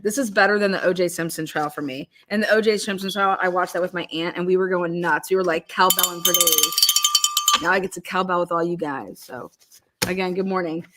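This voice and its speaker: A woman hosting a live-stream chat, excitable and giggly, swearing casually. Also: on the low side, slight background noise. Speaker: livestream host.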